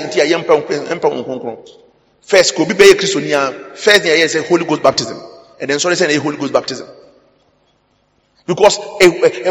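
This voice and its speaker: Preaching Ghanaian man in echoing hall. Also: fairly high pitch. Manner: preaching with sudden loud bursts. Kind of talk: sermon. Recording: long hall reverb.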